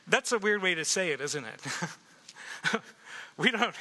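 High, bright-voiced preacher in an echoey hall. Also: male voice, slow pace, pauses often. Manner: animated, asks the congregation questions and laughs often. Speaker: pastor. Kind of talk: sermon.

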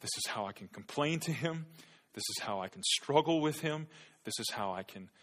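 A man's voice: medium pitch, animated, normal speed, a bit bright. A male pastor preaching an earnest sermon to his church, often repeating words as he builds emphasis. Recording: long hall reverb.

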